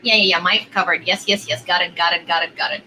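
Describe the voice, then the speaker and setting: A woman's voice: fairly low pitch, steady tone, fast, bright, forceful tone, slight background noise, low-quality recording. A young woman vlogging in a casual, rambling way, full of fillers and repeated words as she chats with strangers. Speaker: video chat vlogger. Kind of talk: casual vlog chat.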